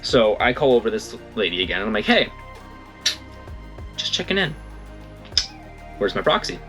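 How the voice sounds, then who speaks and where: A man's voice: lowish voice, fast talker, soft background music. A young man in casual storytelling, rambling and correcting himself, acting out what others said. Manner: rambling, self-correcting, animated quoting. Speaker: vlogger.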